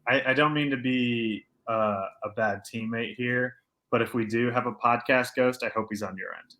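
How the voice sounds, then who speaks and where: A man's voice: mid-range voice, moderate pace. A man co-hosting a casual podcast, telling stories and ranting with jokes and acted-out quotes. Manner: animated storyteller acting out quotes; joking, opinionated. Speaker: podcast co-host.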